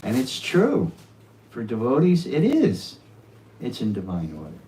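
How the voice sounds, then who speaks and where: A man's voice: medium pitch, wildly swooping pitch, a little slow, far from the mic, rough recording. Older man giving a devotional talk. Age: 70s. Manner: earnest, with warm laughter and quoted asides. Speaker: speaker at a devotional home program.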